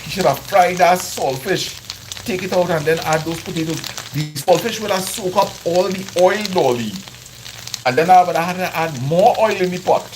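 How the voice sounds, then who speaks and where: With frying sizzling behind him, this cooking vlogger banters with his live viewers in a Trinidadian accent. His voice is high-pitched and his speed normal, amid background noise.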